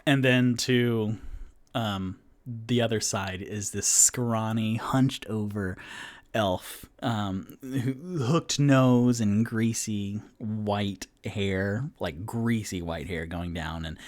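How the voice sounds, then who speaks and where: A man's voice: fairly low pitch, slow. A man narrating a solo tabletop game as game master, casual and rambling, with many fillers.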